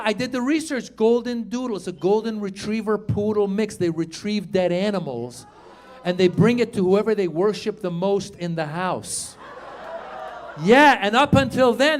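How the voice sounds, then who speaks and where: A middle-aged man from Iran working a stand-up crowd with a fairly high, lively voice. He is animated and acts out everyone in his stories, and he climbs into loud, shouted punchlines. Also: normal speed. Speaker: stand-up comedian. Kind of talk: stand-up comedy. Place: comedy stage before a live audience.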